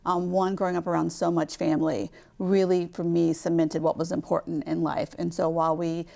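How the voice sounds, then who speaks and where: A woman in her fifties from Kentucky speaks as a guest on a TV interview show, with a softened Southern drawl. Her voice has a gravelly edge and sits a little low. She talks in a measured, reflective way, pausing on little "um"s as she gathers her thoughts. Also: flat delivery. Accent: light Southern US drawl. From Louisville, Kentucky. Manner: measured, reflective, with frequent "um" pauses. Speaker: guest, nonprofit chief executive. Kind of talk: TV studio interview.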